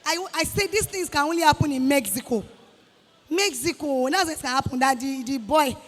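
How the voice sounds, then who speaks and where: Her motivational talk to students comes at a moderate pace, delivered in a high, bright voice with a Nigerian accent. She scolds with lively energy and mimics those she quotes, while a large hall gives her speech a long, ringing reverb tail.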